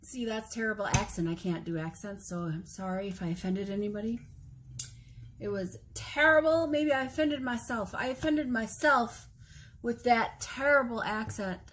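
A woman's voice: on the high side, normal speed, a bit bright, slight background noise. A tired woman chatting casually while cooking in her home kitchen, rambling and poking fun at herself. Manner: rambling, self-deprecating chatter. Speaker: vlogger.

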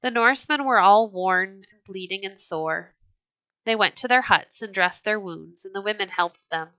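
Rich: A woman reads an old storybook aloud with a gentle, measured delivery. Her voice is bright and clear, and it sits close and dry with no room sound. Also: mid-range voice, no room sound. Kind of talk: storybook read-aloud narration.

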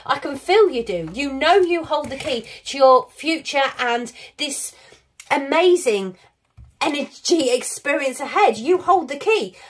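Woman, high voice, tarot reader, effusive and encouraging. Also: expressive, unhurried. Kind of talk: recorded tarot reading to viewers.

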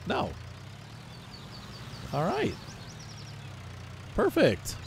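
Lively, chatty man playing a farm game. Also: extremely slow, gravelly, a little hiss or hum. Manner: chatty, self-mocking, jumps into playful high exclamations. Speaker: gameplay commentator. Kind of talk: casual let's-play commentary.

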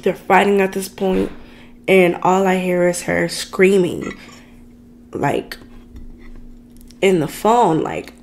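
A woman's voice: lowish voice, lively intonation, slow pace, vocal fry, pauses often, darkish tone. A woman vlogger telling a dramatic personal story in a chatty, ranting way, talking straight to her viewers. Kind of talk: casual storytime rant.

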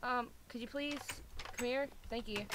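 A woman's voice: fairly high pitch, normal speed, background noise. A young woman chatting casually while she plays a game, playful and self-mocking, often scolding her pets. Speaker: gaming video host. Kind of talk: casual chat while playing.

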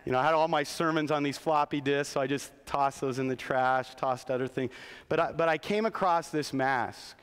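A man's voice: mid-range voice, normal speed, a bit bright, clear, resonant tone. A middle-aged man preaching a sermon as pastor, earnest, often restarting his phrases. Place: large church sanctuary. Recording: long reverb of a church hall.

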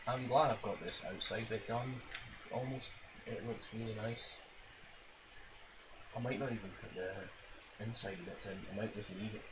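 A man giving rambling, self-mocking gameplay commentary, swearing often and making silly noises. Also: on the low side. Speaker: game commentator. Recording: loud background noise.

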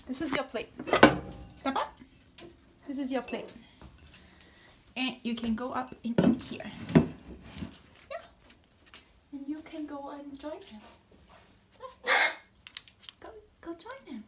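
A woman's voice: sits high, steady tone, takes it slowly, long pauses, very noisy. A woman talking to her pet parrots at home in a coaxing, sing-song baby-talk voice, in a kitchen. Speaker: parrot owner and vlogger.

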